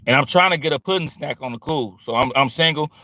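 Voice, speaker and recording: A man's voice: fairly high pitch, quick pace, pushed and bright, no echo. Rambling streetwise man, dry close sound. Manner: streetwise, rambling, slang-heavy, drifts into quoting others. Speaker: vlogger. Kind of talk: casual monologue.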